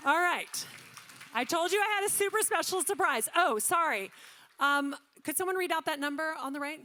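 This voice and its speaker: A woman from Louisiana calling paddle numbers as a charity auctioneer, rattling off bids quickly with joking asides to the room. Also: sits high, sharp tone, some chatter behind. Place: large banquet hall.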